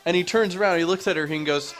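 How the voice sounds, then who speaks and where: Young guy rambling over a let's play, jokes at himself, highish voice, quiet music under it. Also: quick pace. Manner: rambling, self-mocking, chatty. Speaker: gaming YouTuber. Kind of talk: casual let's-play commentary. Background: soft background music.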